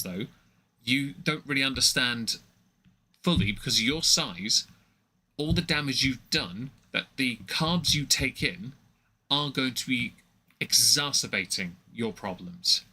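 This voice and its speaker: A man's voice: mid-range voice, sharp tone, husky. A young man giving rambling, mocking commentary on a livestream, with many fillers and restarts.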